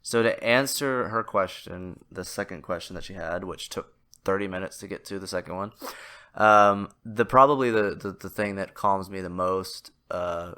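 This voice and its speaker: A man's voice: low voice, normal speed, bright, forceful tone, smooth. A man hosting a solo podcast, rambling and self-deprecating with lots of fillers and restarts, in a somewhat nasal voice. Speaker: podcast host. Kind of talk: casual solo podcast monologue.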